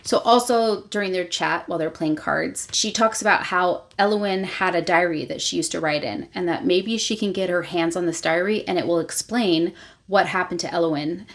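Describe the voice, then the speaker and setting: A woman with a lowish voice and moderate pace hosts her own channel as a book reviewer. She gives a casual spoken recap of a novel, loosely retelling scenes with lots of fillers.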